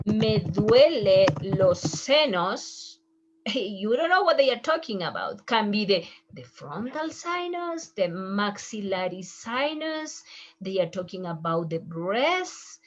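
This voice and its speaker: A woman whose first language is Spanish, teaching medical Spanish terms slowly, repeating each word twice and explaining as she draws. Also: mid-range voice, very animated, a little hiss or hum. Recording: dull lo-fi sound.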